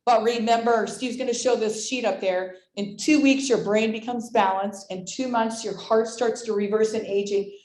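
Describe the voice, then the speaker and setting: A woman in her sixties giving an energetic motivational talk at a sales meeting, loud and excitable and laughing often. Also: fairly high pitch, moderate pace, hardly any pauses, roomy sound. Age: 60s.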